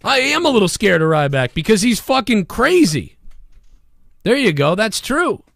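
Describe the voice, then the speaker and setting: A man hosting a casual livestream show, rambling and swearing a lot, with a hoarse voice. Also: high-pitched, normal speed, no echo, studio quality. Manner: profane, rambling and animated. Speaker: show host.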